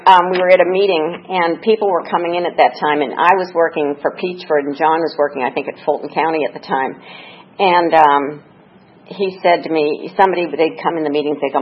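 A woman's voice: deep voice, a little fast, breathy edge, dull audio. A woman speaking at a memorial gathering, telling candid, earthy stories and sometimes tearful. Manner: candid, laughing, earthy anecdotes. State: tearful at times. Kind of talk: personal eulogy storytelling.

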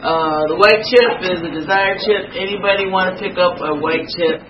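A woman's voice: lowish voice, moderate pace, heavy background noise. A woman chairing a recovery meeting, handing out chips in a friendly, informal way. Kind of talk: leading a meeting. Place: meeting room. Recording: distant, roomy, muffled, with loud crowd. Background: loud crowd of attendees.

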